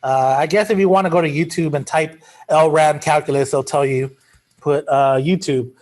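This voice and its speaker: A man's voice: a little high, fairly even intonation, normal speed, a little mellow. A male math teacher giving a classroom lecture in a casual, joking way, drifting into chatty asides.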